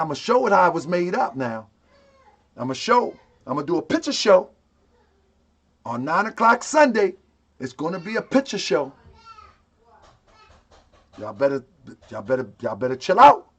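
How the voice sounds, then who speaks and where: A man's voice: sits high, fairly bright tone. A man in a casual livestream rant to his followers as their temple leader, slangy and emphatic, laughing often.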